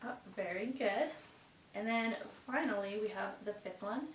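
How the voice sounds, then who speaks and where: A woman's voice: mid-range voice, a little slow, recorded from a distance. Woman teacher running a pronunciation class, lots of praise, sounds a bit away from the mic, faint hiss. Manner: encouraging, praises often, recites tongue twisters carefully. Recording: roomy echo, voice away from the mic, faint background noise.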